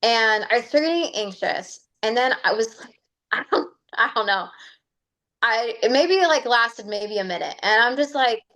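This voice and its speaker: A woman telling her personal story on a group coaching call, chatty and animated, laughing often over a video call. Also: a little high, measured pace. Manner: chatty and animated, laughs often, slips into quoting her own self-talk.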